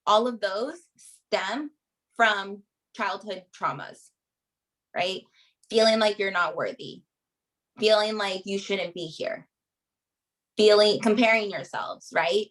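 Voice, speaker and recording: A woman's voice: mid-range voice, fairly bright tone, low-quality recording. A woman leading a group coaching session, giving motivational advice in an emphatic way and checking in with "right?" after nearly every point.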